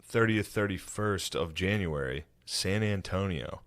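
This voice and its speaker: A man co-hosting a podcast, chatting casually and telling animated stories with sudden high-pitched impressions. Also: measured pace. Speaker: podcast co-host. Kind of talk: casual chat.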